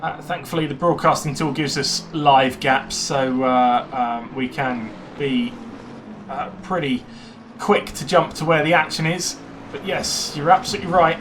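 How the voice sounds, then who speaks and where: A man giving live commentary on a sim race, chatty and excitable when cars overtake. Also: on the high side, measured pace, noisy background.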